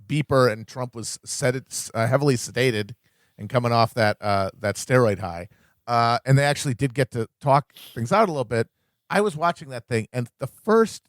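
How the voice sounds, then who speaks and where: A man's voice: medium pitch, no room sound, clean studio sound. A man co-hosting a podcast, talking politics in a wry, profane way that builds to emphatic peaks. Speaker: podcast co-host. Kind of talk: casual political chat.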